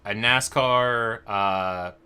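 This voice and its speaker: A man's voice: fairly low pitch, extremely slow, pushed and bright, soft background music. A man hosting a trivia night stream, casual and chatty, with showy announcer-style intros and rambling asides. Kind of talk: casual livestream banter. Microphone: headset.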